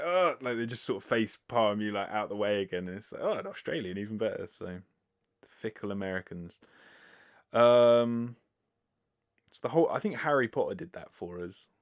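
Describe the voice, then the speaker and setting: A man's voice: lowish voice, brisk. A British man hosting a casual solo podcast, answering listener questions in a rambling, self-deprecating way with lots of fillers and casual swearing. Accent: British English. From Britain. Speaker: podcast host.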